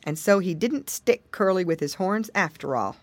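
A woman narrating a children's storybook in a playful, expressive manner. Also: fairly low pitch, moderate pace, no room sound. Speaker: audiobook reader.

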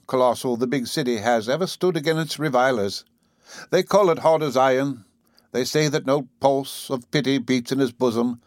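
A man reading a story aloud as an audiobook narrator, in a measured, wry way. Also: medium pitch, no echo, clean studio sound. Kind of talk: scripted narration.

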